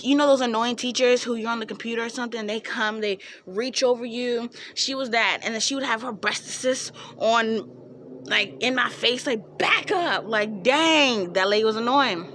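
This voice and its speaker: A young woman spins a storytime vlog with sass and animation, tossing in laughing asides. Her voice sits a little high and comes across bright and forceful. The delivery is quick-witted and conversational. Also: a little hiss or hum. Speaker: vlogger.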